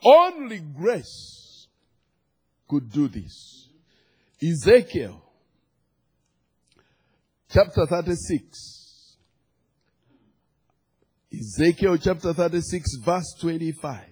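A middle-aged man from Uganda with a Ugandan accent, preaching a sermon, swinging from soft asides to loud proclamations. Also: fairly high pitch, expressive, takes it slowly, pauses often, slightly rough. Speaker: pastor.

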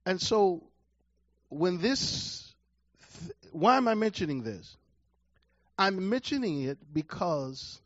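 A male pastor delivering a sermon, repeating his key phrases and swinging from quiet, measured lines to loud, emphatic ones. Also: high voice, big pitch swings, no echo, lo-fi sound.

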